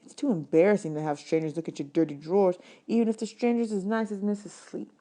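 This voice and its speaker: A woman, a teacher, reading a chapter book aloud in a steady storytelling manner. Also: mid-range voice, fast. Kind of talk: audiobook read-aloud.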